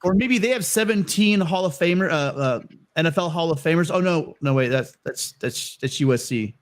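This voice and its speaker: A man's voice: fairly high pitch, lively intonation, moderate pace. Rambling, jokey man on a livestream panel. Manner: rambling, self-correcting, jokey. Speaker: guest panelist. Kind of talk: casual podcast chat.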